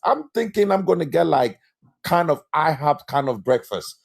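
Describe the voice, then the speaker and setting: A man joins a livestream chat and talks in a lively, emphatic way, full of slang. His pitch jumps around a lot as he rants. He sounds fired up and expressive. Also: normal speed, gravelly, slightly rough.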